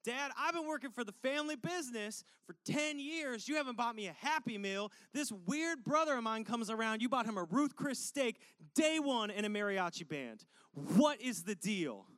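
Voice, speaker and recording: A man's voice: very high-pitched, expressive, normal speed, hardly any pauses, a bit bright, dry recording, pitched above the performer's own voice. A man in a sermon voicing a resentful grown son who gripes to his father about unfair treatment. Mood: indignant. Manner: indignant, griping.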